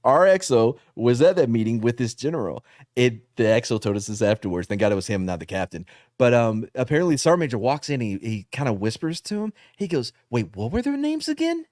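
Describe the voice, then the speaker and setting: Guy on a podcast telling an old army story, lively voice that jumps all over, laughs a lot, dry close mic. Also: mid-range voice, quick pace, no room sound. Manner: animated storyteller, acts out voices, laughs often. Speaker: podcast co-host, veteran. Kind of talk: casual storytelling with profanity.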